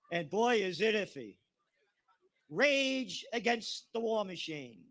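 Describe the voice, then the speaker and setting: A man's voice: high-pitched, big pitch swings, takes it slowly, a bit bright, no echo. A man in his seventies delivering an angry, sardonic monologue as a commentator. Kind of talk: impassioned monologue.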